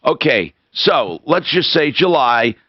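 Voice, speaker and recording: A man hosting a call-in radio show, animated and quick to interrupt with questions. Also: fairly high pitch, no echo. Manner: animated, interrupting, exclaims in disbelief. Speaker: radio talk show host. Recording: dull lo-fi radio stream.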